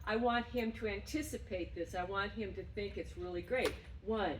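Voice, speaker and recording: A woman dog trainer explaining and demonstrating games with her dog, breaking into loud, effusive praise. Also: on the high side, normal speed, a little hiss or hum. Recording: roomy sound from a distance.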